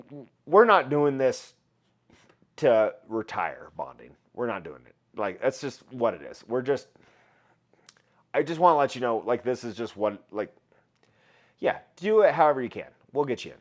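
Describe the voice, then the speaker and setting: A man's voice: mid-range voice, big pitch swings, normal speed, pauses often. A man hosting a casual livestream, chatting loosely, laughing often and reading out viewer comments. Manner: chatty, laughs often, reads chat aloud. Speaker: livestream host.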